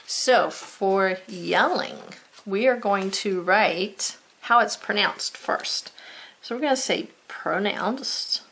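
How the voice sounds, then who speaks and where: Woman, middle-aged, gravelly voice, homeschool video lesson, slow clear encouraging delivery. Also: medium pitch, fairly bright tone. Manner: encouraging, speaks slowly and clearly while writing. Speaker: homeschool teacher. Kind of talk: friendly video lesson for children.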